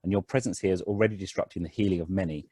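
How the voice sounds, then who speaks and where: A man voicing a tired, stern priestess who speaks with a soft Chilean accent in a tabletop game. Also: low-pitched, steady tone, very fast, slight background noise, natural voice. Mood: cool rebuke.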